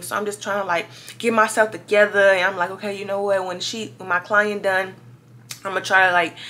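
A twenty-year-old woman from Louisiana, telling a story in a chatty, animated vlog to her viewers. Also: mid-range voice. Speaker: vlogger.

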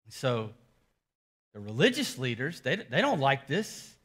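A pastor preaching a sermon, telling the story in a casual, animated way with emphatic repetition. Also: male voice, medium pitch, measured pace, slightly rough.

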